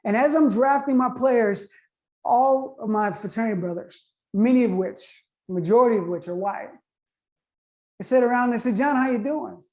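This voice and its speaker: A man in his thirties tells an online audience a personal story conversationally, building suspense by asking his listeners questions. His voice is very high with a darkish tone, at normal speed.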